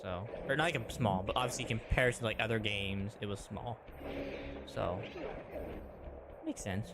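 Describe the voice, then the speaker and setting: A man's voice: lowish voice, normal speed, heavy background noise. A man giving rambling, chatty commentary while streaming a game. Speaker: gaming streamer. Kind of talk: casual gameplay commentary. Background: game music.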